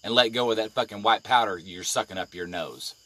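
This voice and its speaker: On a live video, a vlogger rants angrily and confrontationally, swearing constantly. His voice sits on the low side, moves a little fast, and sounds pushed and bright. The whole delivery is profane and heated.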